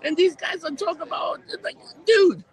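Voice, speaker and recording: A man's voice: extremely high pitch, moderate pace, low-quality recording. A middle-aged man co-hosting a casual chat, crude and ranting, swearing a lot.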